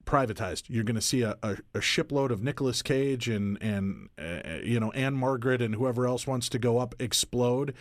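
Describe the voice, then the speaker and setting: A man's voice: medium pitch, moderate pace, hardly any pauses, dry recording. A man co-hosting a radio show, talking in a rambling, speculative and playful way. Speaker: radio co-host. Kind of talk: conversational radio talk.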